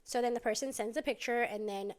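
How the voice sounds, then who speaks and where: A woman's voice: fairly high pitch, fairly even intonation, brisk. A woman telling a story casually and dramatically into a close mic, acting out the dialogue as she goes. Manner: chatty, dramatic retelling with quoted dialogue.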